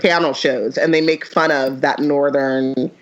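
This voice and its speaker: A woman's voice: a bass voice, fairly even intonation, measured pace. Woman, podcast guest, rambling, casual, muffled lo-fi. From United States. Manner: rambling, lots of "like", laughs often. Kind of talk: casual chat. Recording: muffled lo-fi audio.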